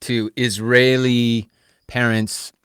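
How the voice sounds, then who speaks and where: Brief: an animated male host in casual chat, mid pitch, dry booth sound. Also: takes it slowly, clear, resonant tone, no echo. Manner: animated, laughs often. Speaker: podcast host.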